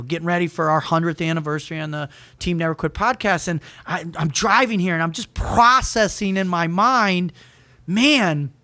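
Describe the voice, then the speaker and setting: Fervent male podcast guest with a high, bright voice; emphatic delivery, repeated restarts. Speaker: podcast guest, motivational speaker. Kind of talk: energetic podcast conversation.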